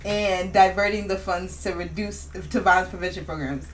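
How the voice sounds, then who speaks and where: A woman's voice: lowish voice, fairly even intonation, normal speed. Young woman rambling, mic set back. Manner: rambling, hesitant, laughing. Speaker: podcast co-host. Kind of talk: casual chat. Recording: distant mic, faint noise.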